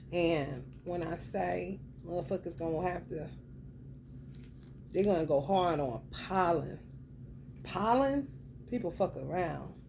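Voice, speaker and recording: A low-pitched woman talks through a spiritual reading in a blunt, profane, streetwise way. She draws some phrases out slowly and fires off others fast. A clear hum of background noise sits under her voice. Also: warm tone. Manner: emphatic, swings between drawn-out and rapid phrases. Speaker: spiritual reader. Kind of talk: casual spiritual commentary.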